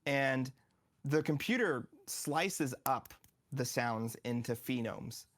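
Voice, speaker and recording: A man with a medium-pitched, slightly bright voice speaks slowly as a game developer guest in a casual studio interview. He explains things eagerly and acts out what players say.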